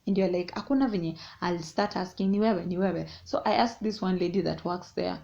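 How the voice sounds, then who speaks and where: A woman's voice: mid-range voice, fairly even intonation, fairly quick, vocal fry, few pauses, mellow. A young woman telling a story casually and animatedly, mixing English and Swahili. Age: young adult. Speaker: vlogger. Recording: dull lo-fi sound.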